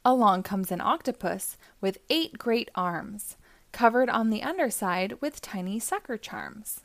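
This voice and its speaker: A woman's voice: medium pitch, expressive, a little slow, dry recording. A woman hosting storytime, reading a rhyming children's book aloud in a sing-song manner. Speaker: storytime host.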